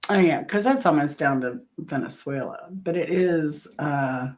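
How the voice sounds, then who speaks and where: A woman's voice: deep voice, lively intonation, measured pace. A woman hosting a trivia channel, chatting casually and wandering through travel anecdotes, correcting herself as she goes. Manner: rambling travel anecdotes with self-corrections and laughs. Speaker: host of a music trivia channel. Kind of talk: casual chat.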